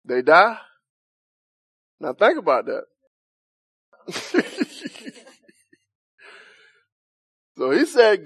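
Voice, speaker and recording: High-voiced man teaching a Bible study. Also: big pitch swings, slow, pauses often, slightly rough, no echo. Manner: questions the group, chuckles, informal talk.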